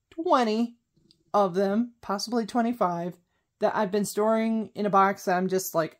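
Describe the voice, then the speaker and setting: A woman's voice: medium pitch, darkish tone. A woman vlogger in casual chat, rambling and correcting herself as she goes. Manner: rambling, self-correcting, chatty.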